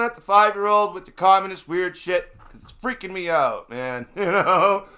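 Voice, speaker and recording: A man's voice: high voice, normal speed, bright, forceful tone. A man in a casual political chat, ranting and swearing, mocking the people around him. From New England. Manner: ranting, profane, mocking voices. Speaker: stream co-host.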